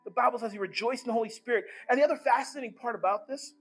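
A man preaching with a high, husky voice, full of excitement and emphasis. He jumps from shouted peaks to hushed, quiet stretches. Faint music plays softly behind him. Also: racing. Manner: excitable, emphatic, swings between loud bursts and hushed lines. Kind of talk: energetic sermon.

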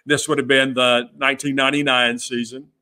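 A man's voice: mid-range voice, a little fast. A middle-aged man, a podcast guest, telling stories in a casual interview and acting out the dialogue he quotes. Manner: lively storyteller who acts out quoted dialogue. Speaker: guest, former pit crew member.

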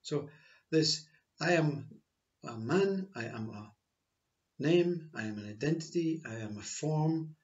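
A man giving a slow, reflective spiritual talk, repeating his phrases as he teaches. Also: fairly high pitch, expressive, lo-fi sound. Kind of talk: spiritual monologue.

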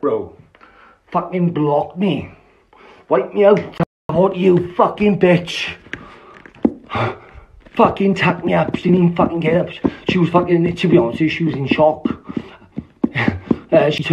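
A man's voice: fairly high pitch, normal speed, background noise. A man telling a long story in a rambling, casual way, swearing constantly and restarting his sentences, recorded on a dull lo-fi phone mic. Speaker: social media storyteller.

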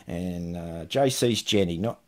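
A man's voice: low voice, measured pace. A man chatting casually while unboxing parcels for his vlog, muttering asides to himself between remarks. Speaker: electronics hobbyist vlogger.

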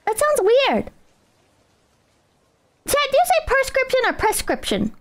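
Speaking very high and slowly with big swings in pitch, a young American woman chats casually on her stream. She reads viewer donations aloud in a teasing, crude manner and swears freely, while faint music plays behind her.

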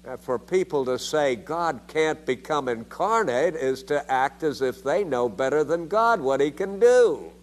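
A man's voice: animated, measured pace, hardly any pauses. An older man giving a theology lecture, emphatic and full of rhetorical questions, with his voice jumping up for emphasis. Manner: emphatic, with rhetorical questions and sudden rises in pitch.

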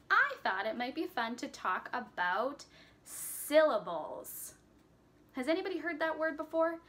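Lively sing-song children's teacher, a woman. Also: sits high, slight background noise. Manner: sing-song, encouraging, claps and chants words. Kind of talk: children's lesson.

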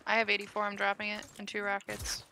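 A woman's voice: medium pitch, monotone, fast, vocal fry, noisy background. A young woman playing a game with a partner, chatting casually in a playful, teasing way and giggling often. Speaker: gaming partner. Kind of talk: casual gameplay chat.

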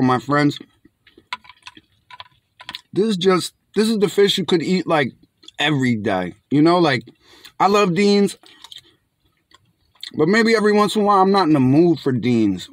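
A man's voice: on the high side, dry recording. A young man casually reviewing canned fish outdoors, chatty and laid-back, often calling viewers his friends. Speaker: food reviewer. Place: outdoors in bright sun.

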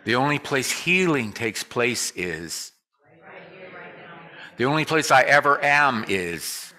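Bright-voiced man giving a lively casual sermon. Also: mid-range voice, takes it slowly. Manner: joking, conversational, leads call and response. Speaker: guest speaker. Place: church sanctuary.

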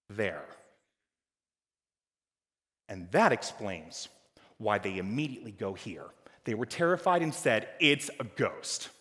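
Animated preacher in a reverberant hall. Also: male voice, medium pitch, slow, long pauses. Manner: dynamic, swings from loud emphasis to quiet. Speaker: pastor. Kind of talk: sermon. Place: church hall. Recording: church hall with long reverb.

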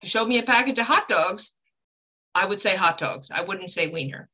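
Woman, guest medium, bright voice, earnest and animated, mid-pitch. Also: fairly quick, low-quality recording. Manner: earnest, animated storyteller with emphatic pitch swings. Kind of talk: conversational teaching talk.

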